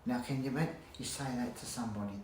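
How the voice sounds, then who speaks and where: A man ranting casually to camera at home, rambling with halting restarts and blunt swearing. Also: mid-range voice, darkish tone. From Australia. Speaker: vlogger. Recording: roomy echo, faint background hum.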